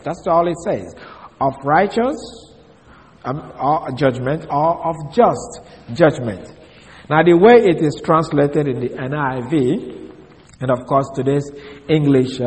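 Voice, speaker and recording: Male Bible teacher, slightly high voice, deliberate and methodical, spells out terms, long hall reverb. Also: a little mellow. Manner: deliberate, explains step by step, spells out words letter by letter. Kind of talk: Bible study lecture.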